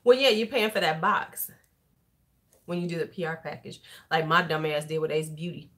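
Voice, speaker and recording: A woman's voice: sits low, steady tone, normal speed, a bit bright. A middle-aged woman hosting a casual beauty livestream, tipsy and chatty, swearing and laughing freely as she talks. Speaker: beauty YouTuber.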